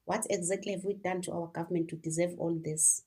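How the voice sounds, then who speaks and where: A woman's voice: fairly low pitch, steady tone, brisk, warm tone, breathy edge. A South African woman hosting a commentary video, indignant and firing off rhetorical questions. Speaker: commentary channel host. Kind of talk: opinionated commentary.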